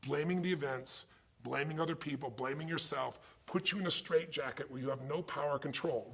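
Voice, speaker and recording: A man's voice: on the high side, a bit bright, slightly rough. A middle-aged man giving a motivational talk, emphatic and firing questions at his listeners. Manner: emphatic, poses questions to the audience. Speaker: motivational speaker.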